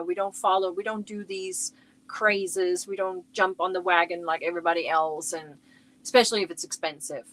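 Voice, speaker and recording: A woman's voice: mid-range voice, fairly bright tone. A middle-aged woman chatting casually on her crochet livestream from home, rambling and talking to viewers by name.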